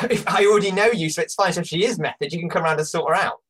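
A man's voice: high-pitched, rapid-fire. A man in casual chat on a podcast, laughing often as he talks through a question. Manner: laughs often, animated, puts on an Australian voice in jokes. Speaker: podcast guest answering a question.

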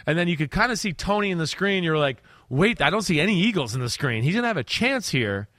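A middle-aged man from New York breaking down football plays in a casual, animated way, sometimes shouting as he relives the action. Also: on the high side, quick pace, no room sound. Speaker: football analyst co-host. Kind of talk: casual sports film breakdown.

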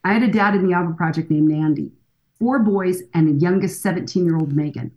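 On a podcast, a woman appears as a guest expert on fathers and daughters, telling energetic stories and performing the voices of the people in them. Her pitch is fairly low and her pace brisk, though the recording sounds muffled.

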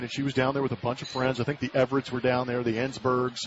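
Heard on muffled radio broadcast audio, a Southern Californian ex-ballplayer in his forties guests on a casual interview and tells a story fast in a medium-pitched voice, with a noisy background. He narrates with animation, performing the quoted voices.

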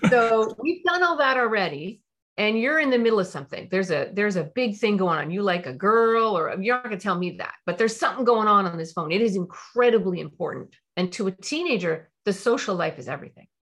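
A woman's voice: mid-range voice, animated, a little fast, a bit bright. A woman parenting coach who explains a technique and repeats her points for stress.

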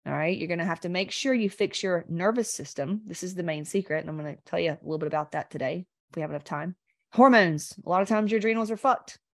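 Middle-aged woman host, lowish voice, profane and unfiltered, dry close sound. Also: no room sound. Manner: blunt, profane and rambling; speaks straight to listeners. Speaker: podcast host and health coach. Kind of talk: casual unscripted coaching talk.

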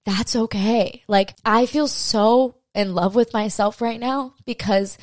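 A woman's voice: a little high, slow, dry recording, clean studio sound. A young woman hosting a podcast, telling a personal story while crying, emotional and swearing freely, acting out her own inner voices. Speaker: podcast host. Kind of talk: personal confessional monologue.

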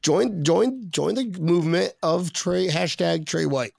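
A man from the Philippines hosting a podcast with loud, teasing, joking banter. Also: on the high side, expressive, unhurried, gravelly, slightly rough, dry recording, studio quality. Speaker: podcast host.

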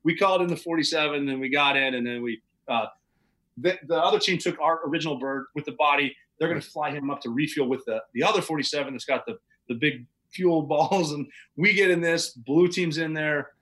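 A man's voice: on the high side, fairly quick, a bit bright, poor audio. A man, a podcast guest, recounting events in casual, vivid, matter-of-fact storytelling with occasional chuckles.

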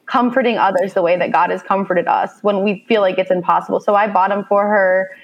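A woman's voice: medium pitch, a little fast, dull audio. A woman in her thirties from Indiana, a mother of a child with special needs, telling a personal story in a heartfelt conversational way. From Indiana, USA. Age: 30s. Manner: heartfelt, animated when quoting herself.

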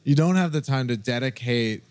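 A man's voice: medium pitch, moderate pace, a little mellow, no room sound. A man in his thirties, a drummer, chatting in an easygoing, agreeable way with casual swearing. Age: 30s. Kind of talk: casual chat.

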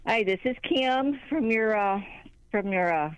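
A woman with a Southern US accent calling in to tell a story, animated and laughing as she talks. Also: a little high, measured pace, smooth, no room sound. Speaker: caller. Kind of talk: phone-in storytelling. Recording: muffled phone-in line.

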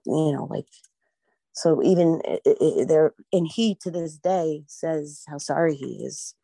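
Speaking a little slowly in a low, gravelly, warm, husky voice, a middle-aged American woman rambles through an emotional guest interview as the mother of a missing girl. There's no room sound. She performs the voices of others she quotes and peppers her talk with "like" and "you know."

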